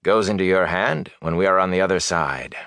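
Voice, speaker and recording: A cool, watchful warrior, voiced by a man reading the tale, firm and unhurried. His tone is deep and level. It sounds dry and close. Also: fairly bright tone, no echo. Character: calm, stern male warrior guard. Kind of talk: audiobook character voice.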